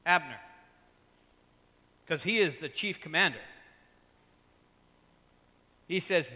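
Male pastor, bright and slightly high voice, chatty preaching with stories, church hall echo. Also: lively intonation, slow, long pauses. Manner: conversational preaching, acts out Bible dialogue, asides and personal stories. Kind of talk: sermon.

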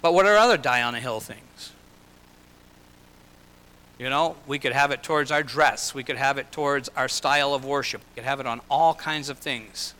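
A man preaching a sermon in an earnest way, slowing and lifting his voice for emphasis and dropping into personal asides. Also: medium pitch, pushed and bright, clean tone. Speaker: pastor. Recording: long hall reverb.

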